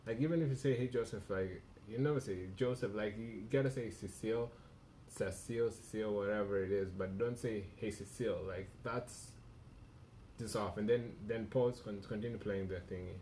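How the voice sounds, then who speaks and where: A man's voice: fairly low pitch, moderate pace, mellow, a little hiss or hum. A man coaching a cold caller on a live stream, bluntly and with lots of repetition as he reviews a recorded call. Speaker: cold-calling sales coach.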